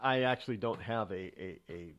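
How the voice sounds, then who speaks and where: A man hosting a talk show, chatting and then giving his own opinions on the news. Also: fairly low pitch. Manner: halting restarts, then forceful opinions on the news. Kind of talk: casual talk radio commentary.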